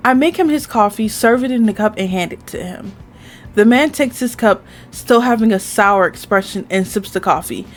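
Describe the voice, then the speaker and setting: A woman's voice: medium pitch, animated, normal speed, slight background noise. A woman hosting a gaming channel, reading a dating game aloud in the first person, with casual asides.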